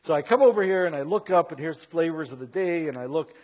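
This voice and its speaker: A middle-aged man telling a story to a live audience in an animated, conversational way with self-mocking asides. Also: a little high, quick pace.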